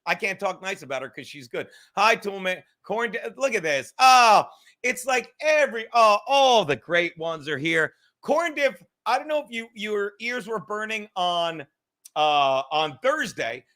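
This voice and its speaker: A man hosting a livestream podcast in a high, bright voice. He rambles and jokes with his viewers, swearing freely as he goes. The talk is loose and casual at a desk mic. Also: big pitch swings, a little slow. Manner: rambling, profane, joking with the chat.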